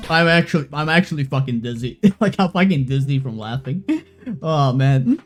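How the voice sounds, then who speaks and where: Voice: mid-range voice, normal speed. A foul-mouthed streamer riffing live over a game, the voice bouncing all over its range as it lurches between giddy and fed up. Faint music plays underneath the whole time. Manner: profane, excitable, swings between giddy and exasperated. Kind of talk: live gaming stream commentary. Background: faint background music.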